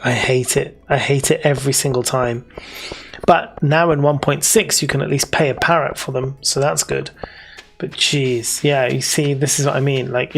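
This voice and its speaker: A man's voice: mid-range voice, gravelly, slight background noise. Chatty British man narrating gameplay. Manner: chatty, rambling, self-teasing. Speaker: let's play host. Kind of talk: casual gameplay commentary.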